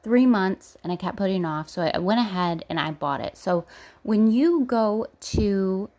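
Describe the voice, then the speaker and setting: A woman vlogger chatting excitedly to her viewers as she walks them through an app on screen. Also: medium pitch, moderate pace. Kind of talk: casual screen-walkthrough chat.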